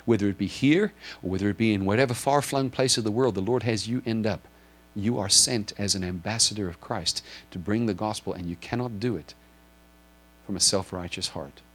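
Guy preaching a sermon, kinda low voice, keeps asking the crowd questions, earnest. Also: brisk. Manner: earnest, questioning the congregation directly; explains with a drawn board, asks if listeners follow. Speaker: pastor.

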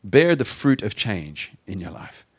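A man preaching a sermon in a conversational, self-deprecating way, rising in pitch and volume for emphasis and slowing on key phrases. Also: big pitch swings, darkish tone, breathy edge. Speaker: pastor.

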